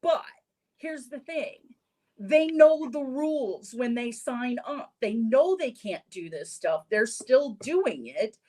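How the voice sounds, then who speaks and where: A woman's voice: on the high side, expressive, slow pace, darkish tone. A woman hosting a casual sports podcast segment, talking in a chatty way and laughing at her own lines. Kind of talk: casual opinion talk.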